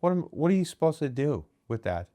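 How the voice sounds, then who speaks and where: Deadpan joking man podcast host. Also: fairly high pitch, a little fast. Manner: deadpan joking, laughs often. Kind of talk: casual comedic chat.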